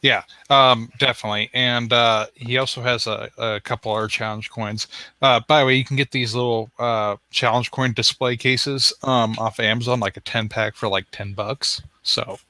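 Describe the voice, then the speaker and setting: A man's voice: medium pitch, fairly even intonation, moderate pace, bright, forceful tone, no echo. A man hosting a podcast, chatting in a friendly way. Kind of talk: casual chat.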